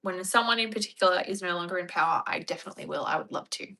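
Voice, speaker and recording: Australian woman, casual chat host, lowish pitch, bright forceful tone, rambly. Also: very fast, rough recording. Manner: chatty, wanders off on tangents and tries on other accents. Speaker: streamer answering viewer questions.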